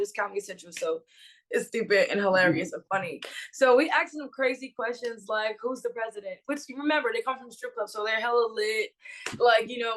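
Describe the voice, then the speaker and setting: A woman's voice: on the high side, rough recording. A young woman from Brooklyn, a guest singer telling stories in casual podcast chat, slangy and acting out quotes. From Brooklyn, New York. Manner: animated storyteller, slangy, acts out quotes.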